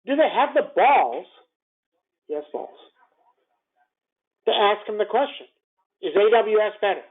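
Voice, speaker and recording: A man's voice: high voice, very animated, unhurried. A man giving a morning stock-market call, blunt and repetitive, full of rhetorical questions. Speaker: stock trading commentator. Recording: tinny phone-line sound.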